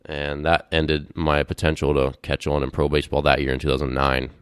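A young man with a very deep, smooth, resonant voice tells a candid personal story as a podcast host. He rambles casually, with fillers and restarts. The sound is dry and close to the mic. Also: flat delivery, brisk, no room sound.

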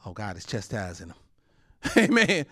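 Man preaching, goes way up high then drops low, laughs a lot, dry sound. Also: normal speed, no room sound. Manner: animated preaching, swings from loud high exclamations to low murmurs, frequent laughs. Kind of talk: sermon.

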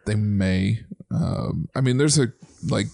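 A man hosting a casual podcast chat, relaxed and full of ums, now and then singing chant lines. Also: lowish voice, slow pace, vocal fry. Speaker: podcast host.

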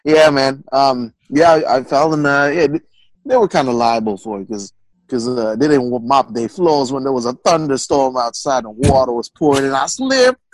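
A man's voice: mid-range voice, lively intonation, normal speed, dry recording, poor audio. A man in casual banter, telling stories in a joking way and laughing often.

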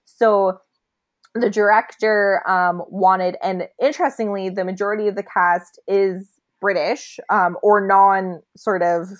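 A woman's voice: medium pitch, steady tone, measured pace. A woman co-hosting a podcast, chatting casually about a movie with plenty of fillers and restarts. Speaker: podcast co-host.

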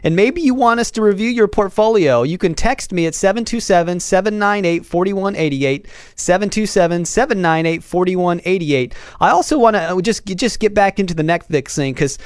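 A man co-hosting a casual radio chat as a financial advisor, animated and tripping over his sentence starts. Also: high-pitched, brisk, few pauses, clear, resonant tone, no echo, clean studio sound. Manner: animated, repeats words when starting a sentence.

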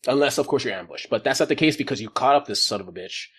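A man's voice: mid-range voice, lively intonation, quick pace, fairly bright tone, breathy edge. A man running a tabletop role-playing game as game master, joking about how his plans went wrong. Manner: jokey, laughing at his own plans going wrong.

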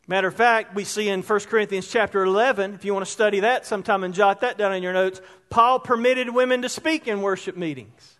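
A male pastor with a very high voice delivers a relaxed, conversational sermon and often puts questions to his congregation. His words ring out with a long reverb from the church hall. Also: brisk, hardly any pauses. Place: church sanctuary.

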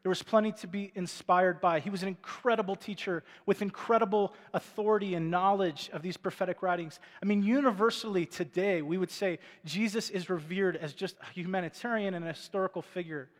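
Male pastor, sermon, conversational preacher with a high voice, recorded with a long hall reverb. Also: brisk, hardly any pauses. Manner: conversational preaching with rhetorical questions. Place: church stage before a congregation.

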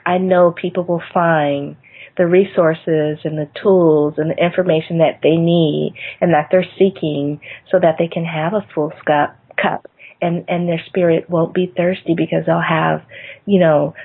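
Soft-voiced woman coaching calm, phone-thin. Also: on the low side, husky. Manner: gentle, coaching, addresses listeners directly. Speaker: podcast host. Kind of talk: casual wellness chat. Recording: phone-like narrow sound.

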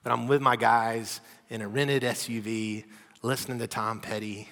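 A man preaching a sermon, telling personal stories with animated energy that drops to a hushed voice. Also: mid-range voice, normal speed, long reverb tail. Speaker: pastor. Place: church hall.

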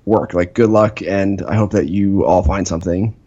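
A man's voice: low voice, steady tone, moderate pace, mellow, highs cut off. A man co-hosting a podcast, chatting about baseball in an easygoing, hesitant way with many uhs. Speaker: podcast co-host. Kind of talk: casual baseball chat.

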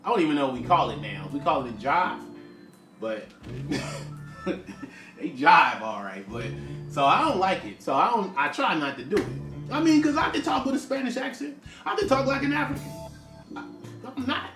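A man's voice: on the high side, animated, normal speed. Rambling man in his forties, echoey room. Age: 40s. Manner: rambling, frank, stop-start with many restarts. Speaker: musician talking about his work. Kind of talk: casual monologue. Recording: echoey room, voice from far off, music behind.

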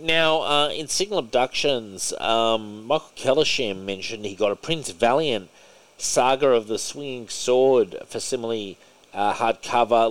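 A man's voice: medium pitch, no echo, low-quality recording. A man hosting a podcast in casual chat, laid-back and hesitant with frequent ums. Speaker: podcast host.

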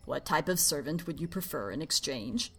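A woman voicing a calm, polite talking lion leg that speaks in a measured, placating way. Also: sits low, slightly rough, faint music behind, pitched below the performer's own voice, exaggerated voice.

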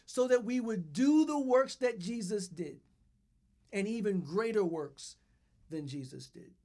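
A pastor with a high voice and a darkish tone preaches a sermon, guiding his listeners through repeated phrases and stressing each word strongly.

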